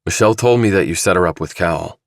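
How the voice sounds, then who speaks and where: A male narrator playing a calm, probing investigator in an audiobook, pressing with level questions. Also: low-pitched, quick pace, vocal fry, no echo, studio quality. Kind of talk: audiobook dramatization.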